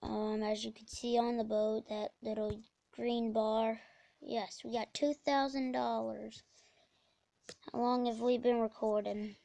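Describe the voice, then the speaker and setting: A woman giving casual, rambling commentary while playing a video game, breaking into sudden excited exclamations. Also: on the high side, a little slow, gravelly, dry recording. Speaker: let's play gamer.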